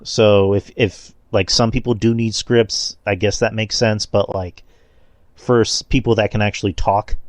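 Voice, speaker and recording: A man with a fairly low voice shares blunt opinions in casual podcast chat and swears freely as he talks. The sound is close and dry, with no room echo. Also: flat delivery, unhurried.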